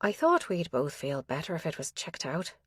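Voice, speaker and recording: An earnest female police detective, careful and polite with people in grief, as a woman narrator plays her. She speaks a little higher than the narration, in a plain, tactful way. The audiobook recording is dry and close. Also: big pitch swings, normal speed, husky, no room sound, exaggerated voice.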